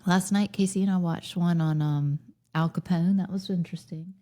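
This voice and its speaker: Mellow, wry Southern woman. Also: on the low side, steady tone, normal speed. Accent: Southern US (Lowcountry South Carolina). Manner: wry, laughs through her stories. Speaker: podcast co-host. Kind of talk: casual nostalgic chat.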